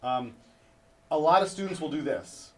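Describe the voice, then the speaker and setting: A man's voice: on the high side, expressive, moderate pace. Man coaching drum technique from afar. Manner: coaching, checks in with "right?" after each point. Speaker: drum instructor. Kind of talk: instructional demonstration. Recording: distant mic with clear background noise.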